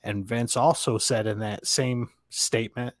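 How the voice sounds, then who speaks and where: A man co-hosting a podcast, reading news items in a steady, matter-of-fact casual way. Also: mid-range voice, a little slow, dry recording.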